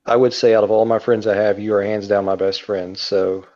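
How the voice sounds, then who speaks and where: Low-voiced man on muffled audio. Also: flat delivery, brisk, darkish tone. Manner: earnest, friendly, easygoing. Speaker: co-host. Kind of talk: casual gaming chat.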